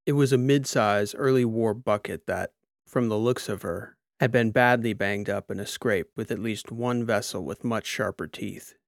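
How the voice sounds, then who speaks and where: Gravelly male audiobook narrator. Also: fairly low pitch, normal speed, no room sound, studio quality. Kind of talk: scripted narration.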